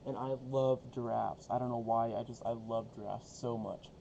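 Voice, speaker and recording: A man's voice: medium pitch, moderate pace, vocal fry, lo-fi sound. Young man, casual profane vlog storyteller, noisy recording. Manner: profane, rambling, animated storytelling. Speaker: co-host telling a story.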